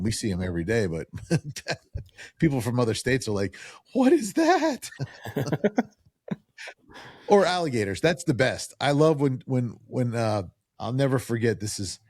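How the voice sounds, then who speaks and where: Low-voiced animated storyteller from New Jersey. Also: male voice, no room sound, studio quality. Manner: animated storyteller who acts out quoted voices. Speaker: podcast guest. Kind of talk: casual storytelling chat.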